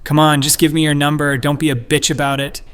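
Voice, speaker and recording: A man voicing a pushy male harasser on a subway platform, taunting and menacing, pitched a bit higher and louder than his narration. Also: flat delivery, fast talker, clean tone, lightly acted.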